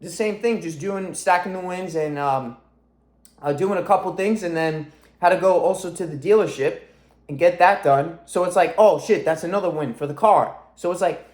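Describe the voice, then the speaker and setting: A man's voice: sits high, normal speed, a little mellow, roomy sound. A man in his twenties, a fitness coach, giving an intense, profane motivational vlog monologue from his room at home. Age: 20s. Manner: intense, profane, self-driven.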